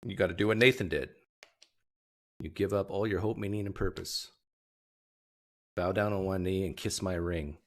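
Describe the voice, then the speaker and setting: A man's voice: low-pitched, steady tone. A man hosting a livestream, chatting casually with viewers and cracking rambling jokes. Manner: joking, rambling, quick asides. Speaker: livestream host.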